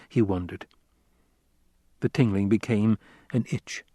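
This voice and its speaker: A man narrating an audiobook in a measured, unhurried way. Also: on the low side, expressive, no room sound, studio quality. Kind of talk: scripted narration.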